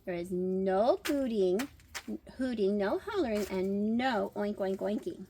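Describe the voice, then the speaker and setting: A woman's voice: medium pitch, animated, unhurried, dark tone, slight background noise. A firm, emphatic farmer, as a woman reads him aloud. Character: stern male farmer laying down rules.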